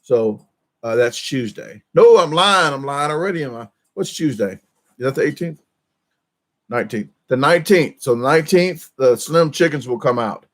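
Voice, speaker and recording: A man's voice: medium pitch, expressive, moderate pace, fairly bright tone. A middle-aged man hosting a casual livestream, rambling and correcting himself as he talks. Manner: rambling, self-correcting, chatty. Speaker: channel host.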